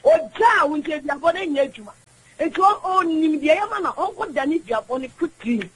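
A woman's voice: sits high, lively intonation, moderate pace, low-quality recording. A woman calling in to a radio show, talking emphatically and in a preachy way while mixing languages. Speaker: radio caller. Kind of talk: call-in opinion talk.

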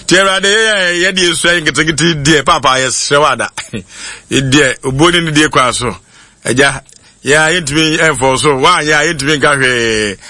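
Bright, dry-voiced Ghanaian man. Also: fairly high pitch, normal speed, dry recording. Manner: laughs often, mixes in English words. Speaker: show host. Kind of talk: casual chat.

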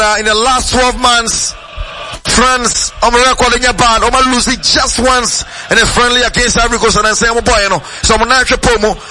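A man with a Ghanaian accent giving rapid live radio football commentary, switching between English and Twi. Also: high-pitched, noisy background.

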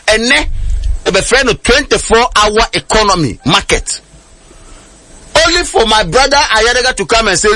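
A man's voice: high-pitched, very animated, normal speed, pushed and bright, husky. A man with a Ghanaian accent, an outspoken political commentator on a radio panel, talking emphatically and switching between Twi and English.

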